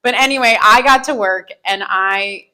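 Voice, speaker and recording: A woman telling a self-mocking personal story live on stage into a microphone, animated and often laughing through her lines. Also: medium pitch, moderate pace, low-quality recording. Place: live stage before an audience.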